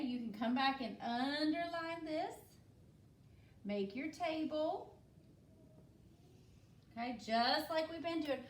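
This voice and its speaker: High-voiced woman teacher, slow and patient. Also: a little hiss or hum. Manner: patient, instructive, frequent "okay?" check-ins. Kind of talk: classroom spelling lesson. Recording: echoey room, voice from a distance.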